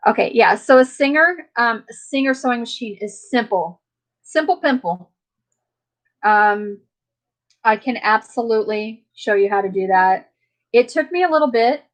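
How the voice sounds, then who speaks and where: A woman's voice: fairly high pitch, normal speed. A woman hosting a casual live chat and talking to her viewers in a rambling, friendly way, with lots of fillers. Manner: rambling, chatty, many fillers; warm, friendly toward viewers. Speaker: live stream host.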